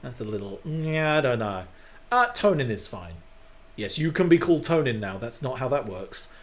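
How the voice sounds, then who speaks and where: A man's voice: mid-range voice, very animated, normal speed. A man hosting a gaming channel, giving casual playthrough commentary while mocking himself and swearing freely. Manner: self-deprecating, swears freely.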